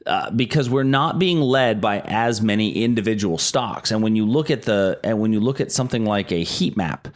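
A man's voice: on the low side, expressive, normal speed, few pauses. A middle-aged man co-hosting a casual talk show, explaining stock market trends with frequent restarts. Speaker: market analyst co-host.

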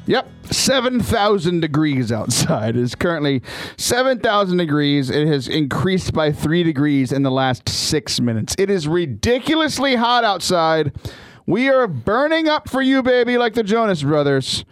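A man's voice: fairly high pitch, sing-song, normal speed, no echo, soft background music. A man hosting a faith podcast from a studio, talking in an earnest, upbeat way and often restarting his sentences. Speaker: podcast host and youth missionary. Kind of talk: casual podcast talk.

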